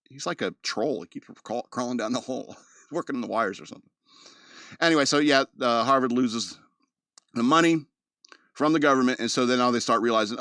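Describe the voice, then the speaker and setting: A man at middle pitch hosting a casual news podcast, drifting between reading articles aloud and rambling, joking asides. His voice is dry and close, with no room around it. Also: fast talker, a bit bright, no room sound. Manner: loose and rambling, with filler words. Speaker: podcast host.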